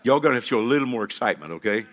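A man's voice: mid-range voice, expressive, racing, fairly bright tone. A middle-aged man, a pastor, preaching a sermon with emphatic repeated phrases and call-and-response with his congregation.

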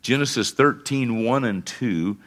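A male pastor preaching a sermon, calling out to the congregation for responses and swinging between fervent peaks and quiet lows. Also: a little slow. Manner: rises to fervent emphatic peaks, then drops low and quiet.

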